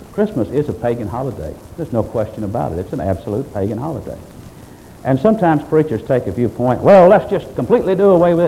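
A man's voice: medium pitch, warm tone, slight background noise, poor audio. A man preaching a sermon as pastor, emphatic and repetitive, reading scripture aloud.

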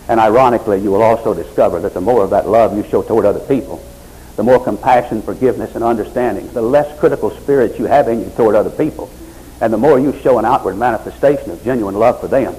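A middle-aged male pastor preaches a sermon, swinging between loud, high exhortation and low, quiet pleading. The audio quality is poor.

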